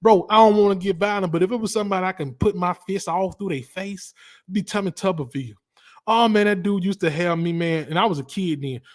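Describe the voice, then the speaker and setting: Animated Southern man ranting casually. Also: high-pitched, a little fast. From Alabama. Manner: animated, rambling, heavy slang. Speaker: livestream host. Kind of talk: casual livestream chat about college football.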